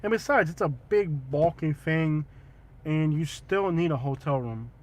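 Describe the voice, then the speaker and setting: A man hosting a casual travel livestream, joking and teasing, with loud excited bursts. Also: a little high, unhurried. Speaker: vlog host.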